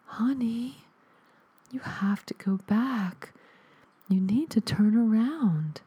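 A woman voicing the ghost of a dead mother calling through radio static in a soft, delicate whisper. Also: on the high side, slow, slightly rough, pitched above the performer's own voice, full character voice. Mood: pleading.

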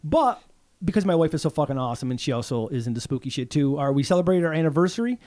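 A man hosting a podcast, chatting casually and excitedly, swearing a lot and laughing often. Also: a little high, very fast, dry recording. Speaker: podcast host.

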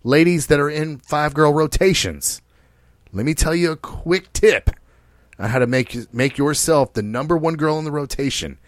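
This podcast host has a slightly high voice and a moderate pace, recorded in clean studio sound with no room noise. He's casual but brash, profane, and preachy, often speaking right to his listeners.

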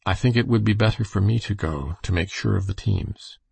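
A man's voice: lowish voice, brisk, gravelly, a little mellow, husky, no echo, full character voice. A man voicing an earnest, grieving young backwoods lad with a plain, simple rural turn of phrase.

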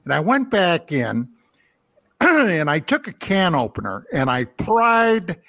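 A man with a high voice that rises and falls a lot tells his anecdotes slowly and deliberately. His tone is bright and clear in this casual chat. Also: sing-song. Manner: slow, drawn-out anecdote teller.

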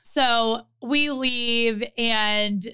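A woman's voice: a little high, pushed and bright, smooth. A young woman in casual chat, chiming in and laughing along. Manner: chatty, quick to laugh and chime in.

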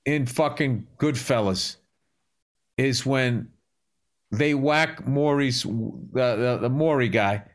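A man's voice: medium pitch, takes it slowly. A man co-hosting a podcast, chatting casually with wisecracks and swearing. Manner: wisecracking, profane. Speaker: podcast co-host. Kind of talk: casual chat.

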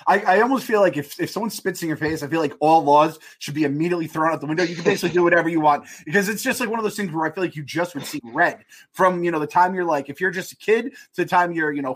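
A man co-hosting a podcast, talking casually in a rambling way full of likes and fillers. His voice sits somewhat high for a man. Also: fairly bright tone. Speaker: podcast co-host.

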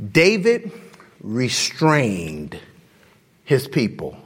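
A pastor delivers his sermon in a husky, gravelly voice that sits a touch high for a man. His pitch swings widely as he preaches with passion, firing rhetorical questions straight at his congregation. The tone stays conversational and direct. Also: very animated, unhurried. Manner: impassioned preaching, rhetorical questions, chuckles between points.

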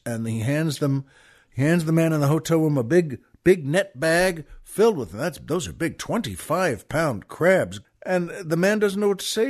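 A man's voice: a little high, animated, a little slow. A man hosting a show, rambling with many restarts as he tells a long joke. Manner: rambling, with frequent restarts and stammers. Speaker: podcast host. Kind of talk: casual chat and joke telling.

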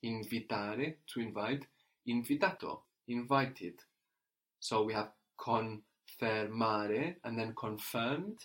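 A male teacher explains step by step in a patient, unhurried way. He often checks in with a questioning "no?" as he guides a learner through a spoken lesson. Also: fairly low pitch, fairly bright tone. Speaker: language teacher.

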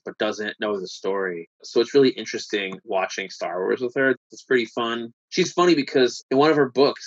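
A man in his thirties, a podcast guest in casual chat, telling stories and acting out quotes with lively energy. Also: on the low side, dry recording. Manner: animated storyteller who acts out quotes. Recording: dull, dry remote recording.

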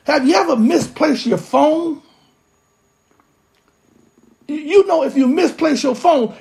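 Slow, gravelly preacher. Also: sits high. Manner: impassioned preaching, drawn-out emphasis. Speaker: pastor. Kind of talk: sermon.

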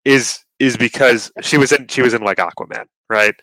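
Bright-toned man stammering through a rant. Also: medium pitch, moderate pace, poor audio. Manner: stammering restarts, repeats words; profane, exasperated rants. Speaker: podcast co-host. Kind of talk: casual chat.

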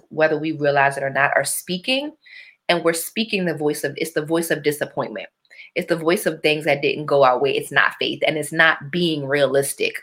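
A woman, in a lower register. She talks to her listeners in a casual, reflective way. She tells her stories with animation and slips into playful voices. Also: a bit bright.

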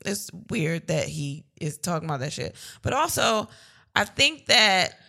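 Young woman co-host, candid chatty talker, bright voice with a lively up-and-down delivery. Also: on the low side, unhurried, vocal fry. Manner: candid, chatty, lots of "like" fillers. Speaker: podcast co-host. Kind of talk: casual chat.

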